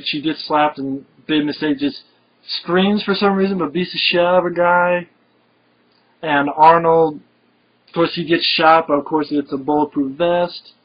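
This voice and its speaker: A man talking casually and enthusiastically about an action movie he loves, rambling with many fillers. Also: a little high. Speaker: film reviewer. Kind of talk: casual film review chat. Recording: dull lo-fi recording.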